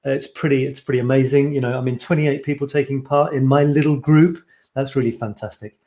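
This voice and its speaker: A man's voice: medium pitch, steady tone, brisk, warm tone. A man hosting a casual photo challenge livestream, chatting in a rambling, friendly way and reading out viewer comments. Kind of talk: casual live stream chat.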